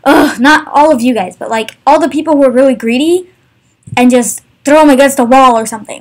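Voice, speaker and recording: Young female gaming vlogger, high voice, exasperated casual rant. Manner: exasperated, fast, filler-heavy with many "like"s. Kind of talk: casual ranting commentary over gameplay.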